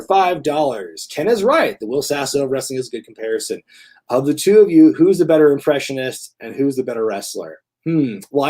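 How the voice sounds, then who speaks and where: A man's voice: mid-range voice, darkish tone. A young man hosting a live stream, chatting casually, rambling and correcting himself, and chuckling often as he reads viewer donations. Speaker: host of a live wrestling review stream.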